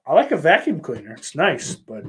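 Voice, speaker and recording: A man's voice: fairly high pitch, huge pitch swings, moderate pace, breathy edge. A man from Western New York, a streamer chatting casually and answering viewer questions in a rambling, profane, self-interrupting way.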